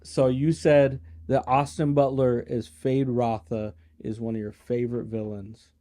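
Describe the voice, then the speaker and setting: A male co-host with a mid-pitched, mellow voice chats casually on a movie podcast. He mostly chimes in with short questions and quick remarks, easygoing throughout. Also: little pitch movement. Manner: laid-back, brief interjections and questions. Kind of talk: casual movie review chat.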